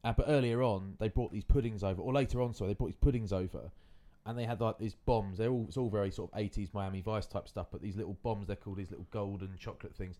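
A man's voice: on the low side, fast talker, few pauses, dark tone. A man, hosting a podcast and telling rambling stories in casual chat. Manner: rambling anecdotal storytelling. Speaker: podcast host.

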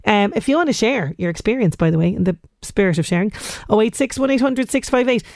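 An Irish woman in her late thirties hosts a radio show, speaking fast with a medium-pitched voice. She's chatty and animated, putting on little voices as she goes, and the recording is dry with clean studio sound.

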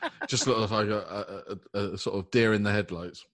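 A British man co-hosting a radio show in relaxed banter, tossing in wry, joking asides. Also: on the low side, normal speed, no room sound, clean studio sound. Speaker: radio co-host.

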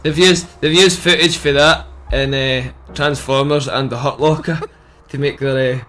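A man's voice: fairly high pitch, steady tone, moderate pace, fairly bright tone. A man co-hosting a podcast, recounting a funny news item in hesitant casual chat with chuckles. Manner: hesitant, chuckling, lots of fillers. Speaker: podcast co-host.

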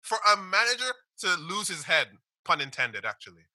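A man's voice: sits high, very animated, a little fast, pushed and bright, dry recording, rough recording. A man co-hosting a casual football podcast, talking emphatically and laughing often. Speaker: podcast co-host.

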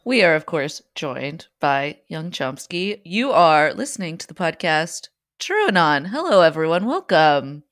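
A woman's voice: low-pitched, big pitch swings, measured pace, hardly any pauses, fairly bright tone. A woman co-hosting a podcast, introducing the episode in a wry, casual way. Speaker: podcast co-host. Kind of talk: casual chat.

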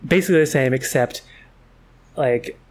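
A podcast co-host in casual chat, summarizing a story in a halting way with many fillers and restarts. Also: mid-range voice.

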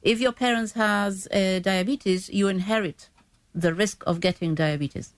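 A woman talks through health facts patiently, circling back and restarting her sentences as she goes. Her voice sits at a middling pitch. The sound is close and dry, with no room around it. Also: a little slow, dry recording. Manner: explains patiently with frequent restarts. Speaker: diabetes educator guest. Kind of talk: explanatory radio chat.

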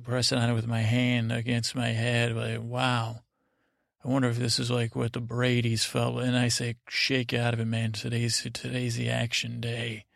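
A man hosting a podcast, telling a meandering bedtime story in a halting, drowsy way. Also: mid-range voice, creaky, fairly bright tone, no echo, studio quality. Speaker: podcast host. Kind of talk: rambling bedtime story narration.

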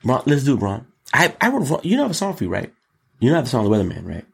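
A man hosting his own show, talking solo in an animated, exclamatory way, riffing and repeating words in long runs. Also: mid-range voice, very fast, vocal fry, a little hiss or hum. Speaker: show host. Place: Los Angeles.

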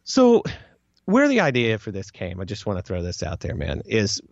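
A man's voice: on the low side, normal speed, gravelly, no echo, lo-fi sound. Dry-sounding man in casual chat. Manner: relaxed, rambling storytelling with fillers. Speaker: podcast co-host.

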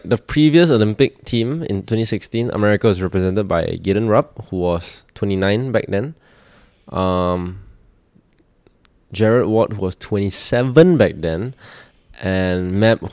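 Man, late twenties, Singaporean English accent, low-pitched, dry studio sound, casual podcast guest. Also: moderate pace, a little mellow, no echo. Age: 20s. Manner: chatty, lots of restarts and fillers, laughs easily. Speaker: guest athlete.

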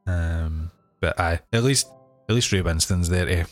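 A Scottish man co-hosting a podcast who talks haltingly, with many ums and restarts. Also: sits low, faint music behind. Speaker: podcast co-host. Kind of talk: casual podcast chat.

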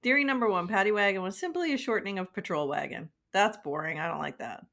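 A woman's voice: medium pitch, lively intonation, fast talker, vocal fry, a bit bright. A woman co-hosting a podcast in casual chat, dry and sarcastic in manner. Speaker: podcast co-host.

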